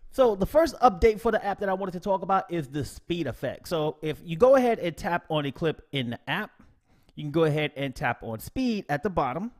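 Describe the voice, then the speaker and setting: Young male streamer, upbeat and slangy, fairly high voice, casual tutorial chat. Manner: upbeat, slangy, chatty, reads chat shout-outs aloud. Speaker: live stream host.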